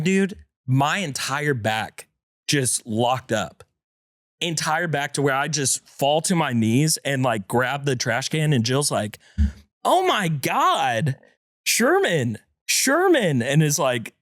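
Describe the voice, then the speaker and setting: A man co-hosting a podcast with a congested chest, telling a story in casual chat and acting out quotes in a shrill voice. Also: no room sound, clean studio sound. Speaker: podcast co-host.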